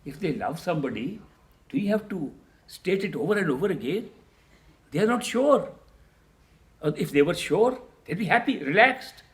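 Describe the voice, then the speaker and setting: Spiritual teacher, male, high-pitched, emphatic discourse that circles back on repeated words. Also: expressive, moderate pace, pauses often. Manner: emphatic, repeats key words, poses rhetorical questions.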